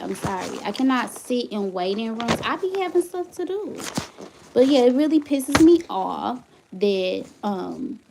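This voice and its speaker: A young woman rants to her livestream chat through her phone, indignant and often getting loud. Her voice sits on the high side and swings widely in pitch as she presses her complaints. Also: background noise. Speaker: vlogger, single mother.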